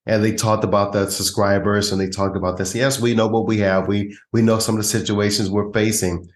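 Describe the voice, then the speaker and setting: Male podcast host, low voice, echoey room, friendly and affirming. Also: little pitch movement, fairly quick. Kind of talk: casual interview talk.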